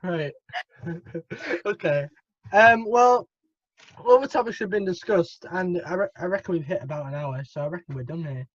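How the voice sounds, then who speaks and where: A man's voice: high-pitched, normal speed, no room sound, lo-fi sound. A teenage boy from the UK hosting a casual podcast over a video call, laughing often, his voice cracking upward now and then. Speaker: podcast host.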